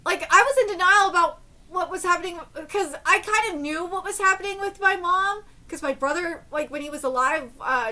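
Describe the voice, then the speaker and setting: A woman's voice: extremely high pitch, pushed and bright. A woman in her thirties streaming a live manga reaction. She talks candidly and tearfully, swearing freely.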